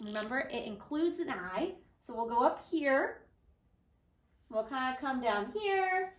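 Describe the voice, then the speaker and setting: A woman gently and patiently teaching children a lesson on horses and reading them a storybook aloud. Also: sits high, long reverb tail. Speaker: children's horse program instructor.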